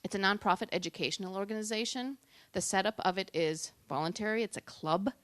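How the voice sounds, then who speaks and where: A woman giving a talk on public speaking at a tech meetup, lively and shifting between loud and soft for emphasis. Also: medium pitch, quick pace, dry recording. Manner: lively, varies loudness and pace for emphasis.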